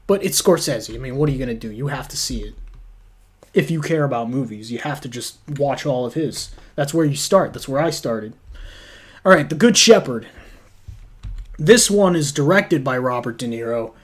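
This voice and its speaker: A man casually reviewing movies, blunt and opinionated, swearing freely as he rants. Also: on the high side. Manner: blunt, profane, opinionated ranting.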